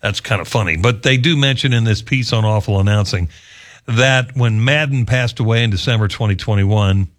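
A male sports radio host chatting in a lively, amused way. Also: on the low side, moderate pace. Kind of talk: casual talk show commentary.

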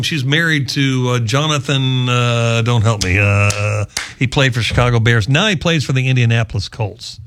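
A man's voice: medium pitch, fairly bright tone. A man hosting a talk show, chatting casually and jokingly through odd news stories. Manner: chatty, joking, wandering asides. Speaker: radio show host.

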